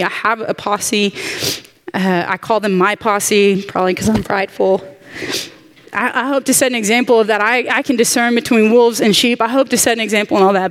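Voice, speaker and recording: A woman teaching a Bible lesson to a women's study group, earnest and heartfelt with chatty asides, tired from jet lag. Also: medium pitch. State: jet lagged.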